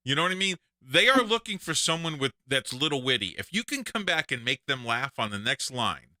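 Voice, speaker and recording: A man's voice: medium pitch, sing-song, a little fast, pushed and bright, dry recording, clean studio sound. A man with a Texan accent hosting a live call-in stream, telling stories and laughing often. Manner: storytelling, jokey, laughs often. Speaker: show host.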